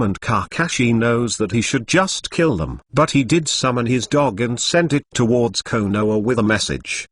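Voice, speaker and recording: A man's synthetic voice narrating a fan-fiction story in a flat, even read that speaks punctuation aloud. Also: mid-range voice, no room sound.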